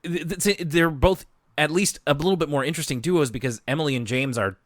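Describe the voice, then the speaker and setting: A man's voice: a little high, quick pace, no echo, clean studio sound. A man co-hosting a podcast in casual chat, agreeable and rambling, often restarting and stammering mid-sentence. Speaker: podcast co-host.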